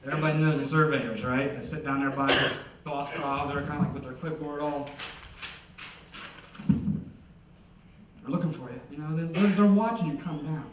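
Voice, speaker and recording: A young man in his twenties tells rambling stand-up stories. His voice sits a little high, and he fills the gaps with chatty "like"s. He is heard from a distance in a roomy concert hall with faint noise. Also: moderate pace, pauses often. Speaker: stand-up comedian. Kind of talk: stand-up comedy.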